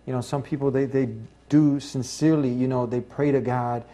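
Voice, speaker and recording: A man's voice: medium pitch, level tone, moderate pace, dark tone. A man hosting an interview show, earnest, asking long, leading questions. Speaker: talk show host.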